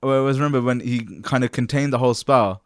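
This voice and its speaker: A man's voice: medium pitch, fairly even intonation, quick pace, no room sound. Laid-back male co-host, jokey, dry room. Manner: jokey, laughs often. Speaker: podcast host. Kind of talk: casual chat.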